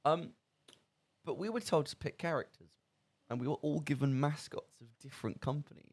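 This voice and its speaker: A young man with an English Midlands accent, hosting a casual chat on student radio from a studio mic, chatty and jokey. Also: fairly high pitch. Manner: chatty and jokey, quick to laugh at himself.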